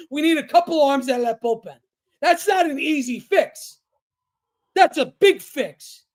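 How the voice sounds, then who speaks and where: A man co-hosting a sports podcast, ranting angrily, shouting and swearing a lot. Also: extremely high pitch. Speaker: podcast co-host. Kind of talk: heated sports rant.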